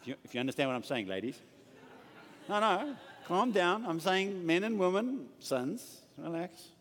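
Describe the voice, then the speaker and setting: A man preaching a sermon and praying aloud, moving from loud declarations to hushed, intimate lines. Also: sits high, very animated, normal speed. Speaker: pastor. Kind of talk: sermon with prayer. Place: church. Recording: church hall with long reverb.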